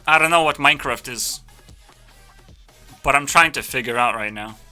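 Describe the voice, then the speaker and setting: A man's voice: medium pitch, normal speed, sharp tone, faint music behind. A man giving live reaction commentary as a YouTuber, ranting brashly and swearing in a mock-arrogant way. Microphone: headphones on, desk mic.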